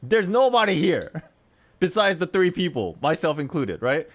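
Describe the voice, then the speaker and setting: A man in his thirties telling a story in a chatty, animated way as a streamer, laughing between lines. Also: on the high side, normal speed. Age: 30s. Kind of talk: casual storytelling.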